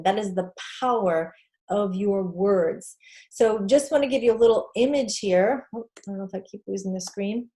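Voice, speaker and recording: Woman presenting a webinar, mellow tone, encouraging, conversational, computer mic on a call. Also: medium pitch. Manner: encouraging, conversational, with many fillers. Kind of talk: online presentation with slides.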